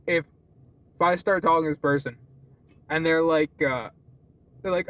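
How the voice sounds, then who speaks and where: A man's voice: on the high side, moderate pace, fairly bright tone, dull audio. A young man rambling in a casual vlog, laughing often, swearing freely and restarting his sentences. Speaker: vlogger.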